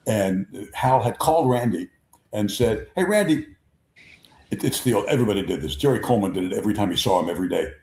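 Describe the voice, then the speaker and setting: A man's voice: on the low side, fast. Older storytelling man, echoey room. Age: 70s. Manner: rambling, repeats himself, animated impressions in stories. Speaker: sports talk show host. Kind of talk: conversational storytelling.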